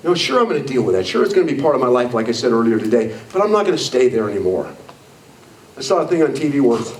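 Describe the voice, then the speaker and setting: Delivering a motivational talk to a live meeting-room audience, a man in his sixties is blunt and emphatic, repeatedly saying "I don't care" and "you know what?". His mid-range voice swings widely in pitch at a quick pace, recorded distantly in an echoey room.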